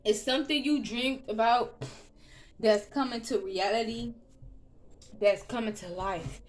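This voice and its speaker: A woman giving a casual tarot reading, chatty and loose, with frequent ums and restarts. She opens with a softly murmured prayer. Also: fairly high pitch, unhurried. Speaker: tarot reader.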